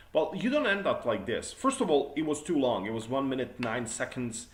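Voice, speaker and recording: A man's voice: medium pitch, expressive, normal speed, reverberant. A man teaching an exam prep class, reviewing student answers and showing how to phrase them better. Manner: corrective, demonstrates better phrasing.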